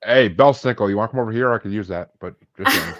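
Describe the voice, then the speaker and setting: Man, very deep voice, casual podcast chat, joking, swears a lot, muffled dry sound. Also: fast talker. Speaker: podcast host.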